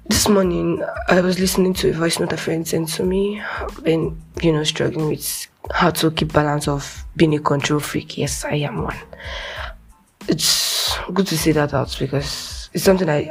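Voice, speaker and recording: A young woman from Nigeria giving a casual, earnest devotional talk, conversational with soft whispered asides. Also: sits low, unhurried, husky, faint music behind. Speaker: Christian speaker.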